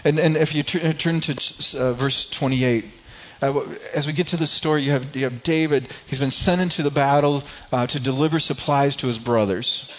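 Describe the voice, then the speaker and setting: A man preaching a sermon, telling a personal story in a halting way, often repeating words and growing quiet at painful moments. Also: on the high side. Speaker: pastor. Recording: slightly dull lo-fi sound.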